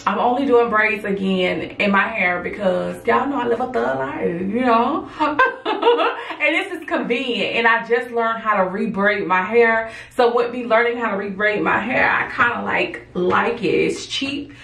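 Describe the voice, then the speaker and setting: A woman's voice: fairly high pitch, unhurried, creaky, a bit bright, echoey room, distant mic. A tired woman chatting casually and playfully while she braids her own hair late at night. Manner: chatty, playful, sassy asides. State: tired, yawning. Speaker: beauty vlogger. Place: home at night.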